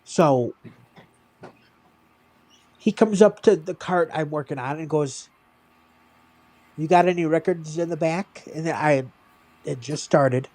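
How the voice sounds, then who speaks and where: Man, mellow tone, slightly higher pitch, chatty storyteller, livestream host. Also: slow pace, pauses often. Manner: animated anecdote telling, acting out other people's lines. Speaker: streamer.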